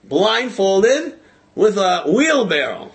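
A man's voice: high-pitched, big pitch swings, takes it slowly, vocal fry, slight background noise, voice pushed up, full character voice. A man doing a cocky daredevil showman. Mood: boastful. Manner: loud, confident proclamations. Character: boastful male daredevil tightrope walker.

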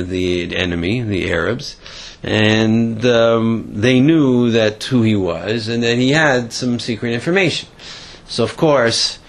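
A man telling a story and then drawing a moral lesson from it, speaking in a halting way that often repeats words. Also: medium pitch. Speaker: religious storyteller and teacher.

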